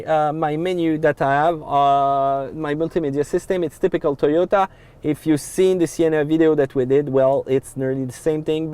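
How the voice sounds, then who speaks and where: A man's voice: on the high side, a little mellow, clean tone. A man with a French accent giving a casual walkthrough of a pickup's dashboard controls, loose and full of fillers. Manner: loose explaining with frequent uh fillers and restarts. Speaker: car reviewer. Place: inside a pickup truck cab.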